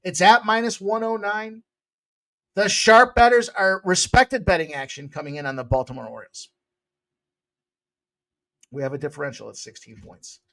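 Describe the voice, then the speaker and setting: A man hosting a sports betting picks show, talking casually in a loose, jokey way with bursts of loud excitement. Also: high-pitched, moderate pace, pauses often.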